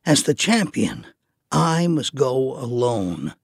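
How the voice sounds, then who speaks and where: A man voicing a calm, brave young male hero who speaks earnestly and plainly. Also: medium pitch, slow, vocal fry, breathy edge, no echo, studio quality, exaggerated voice. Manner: steady, earnest, rising to loud declarations.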